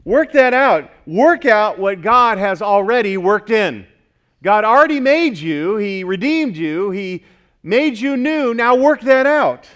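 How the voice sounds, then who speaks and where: High-voiced pastor preaching emphatically. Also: male voice. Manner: emphatic preaching, repeating key phrases and swinging from loud to hushed. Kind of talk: sermon.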